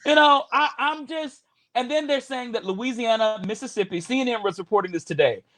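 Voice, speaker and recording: A man from Houston co-hosting a casual chat, animated and profane, with stammering restarts. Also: very high voice, brisk. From Houston, Texas. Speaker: co-host.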